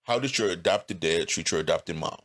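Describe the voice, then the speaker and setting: A man interviewing a guest, asking short questions with relaxed, joking asides. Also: sits low, normal speed.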